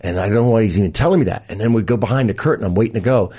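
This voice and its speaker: A man's voice: on the low side, breathy edge. A man in his sixties telling stories from his comedy career in a casual interview, acting out other people's lines as he goes. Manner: rapid, animated, acts out others' lines. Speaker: comedian guest.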